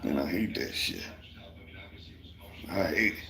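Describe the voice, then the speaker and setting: Deep-voiced man, profane and heated. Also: wildly swooping pitch, slow, vocal fry, bright, forceful tone. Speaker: construction worker and livestreamer. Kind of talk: casual storytelling on a live stream. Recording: roomy echo.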